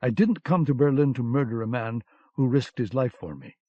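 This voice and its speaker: A man reading an audiobook, voicing a calm, determined male agent in a firm, steady manner, on a dull lo-fi cassette recording. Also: medium pitch, moderate pace, no room sound, close to an everyday voice.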